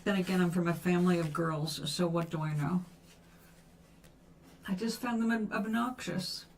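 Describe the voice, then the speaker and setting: A woman's voice: fairly low pitch, normal speed, a little hiss or hum. An older woman chatting casually on a livestream as she paints, musing aloud and answering viewers' questions. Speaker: livestream host. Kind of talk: casual chat while painting.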